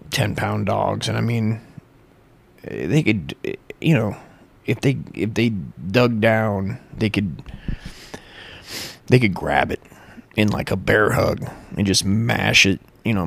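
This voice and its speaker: Gravelly man in a crude comic ramble. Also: fairly low pitch. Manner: crude, profane, self-correcting.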